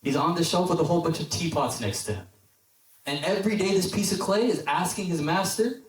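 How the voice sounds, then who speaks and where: A man giving a casual sermon to a youth group, with a fairly high voice. He tells a story in a relaxed way, often checks in with his listeners, and drops low for emphasis. He is heard from a distance in an echoey hall. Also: fairly quick. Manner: conversational, checks in with the audience. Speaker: deacon preaching to a youth group.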